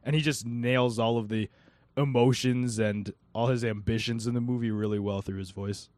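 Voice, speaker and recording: A man's voice: medium pitch, fairly even intonation, normal speed, a little mellow, dry recording. Earnest young man, dry close sound. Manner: earnest, many "like" fillers. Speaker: podcast co-host. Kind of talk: casual chat.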